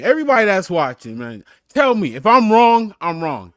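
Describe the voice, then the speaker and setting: Laughing man in his thirties, lively voice. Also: high voice, moderate pace, no echo, clean studio sound. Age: 30s. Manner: laughing, playful, loud bursts. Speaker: podcast host. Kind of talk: casual chat.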